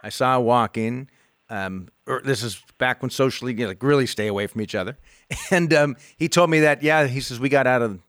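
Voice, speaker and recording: A man's voice: mid-range voice, fairly quick, fairly bright tone, no room sound, clean studio sound. A man co-hosting a call-in money radio show, chatty and loose, laughing often between thoughts. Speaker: financial radio show co-host.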